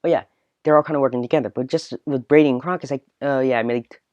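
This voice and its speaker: Man ranting on a solo podcast, rambling, lots of filler words, mid-pitched voice, dull lo-fi sound, dry. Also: steady tone, quick pace, a little mellow, dry recording. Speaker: podcast host.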